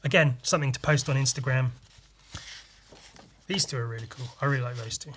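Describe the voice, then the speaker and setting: A young man hosting a podcast, chatting casually and hesitantly about his old comic drawings, filling pauses with ums and throwing in quick sound effects. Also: mid-range voice, a bit bright, a little hiss or hum. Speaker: podcast host. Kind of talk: casual chat about his own artwork.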